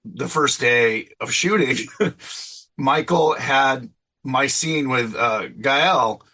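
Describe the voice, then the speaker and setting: A man's voice: mid-range voice, takes it slowly, bright, forceful tone. A man in his fifties, an interview guest, chatting casually with a rambling, self-deprecating manner and frequent laughs.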